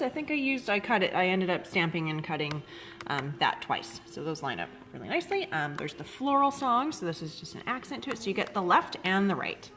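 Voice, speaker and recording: Woman, craft shop host, live-streamed product demo, chatty, filler-heavy, greets viewers, lowish voice. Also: fairly bright tone.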